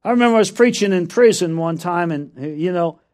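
A man preaching a sermon, telling a story and then building to loud, emphatic declarations, often calling out "come on now.". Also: sits high, animated, brisk. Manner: repeats "come on now" to the audience.

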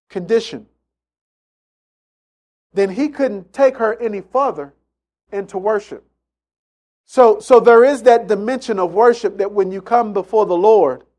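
High-voiced emphatic male preacher. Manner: emphatic, repeats phrases, acts out quotes in story. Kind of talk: sermon.

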